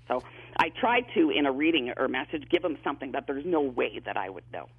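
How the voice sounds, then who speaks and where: A man's voice: mid-range voice, very animated, a little fast, slightly rough. A man, a psychic medium, chatting in an interview and telling stories, often repeating himself and restarting sentences. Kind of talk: phone-in interview, storytelling. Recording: tinny phone line.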